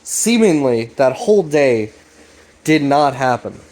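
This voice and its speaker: A man's voice: mid-range voice, very animated, slow pace, a little mellow. A man hosting a casual video recap, rambling loosely with frequent swearing and restarts. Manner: profane, laid-back, rambling with restarts. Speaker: video series host.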